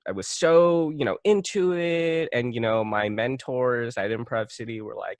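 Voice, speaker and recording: A young man chatting casually as a podcast co-host, mid-pitched and recorded dry and close. He rambles, restarting his thoughts and filling the gaps with "you know" and "um". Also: normal speed, hardly any pauses, dry recording. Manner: rambling, many fillers and restarts. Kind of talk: casual chat.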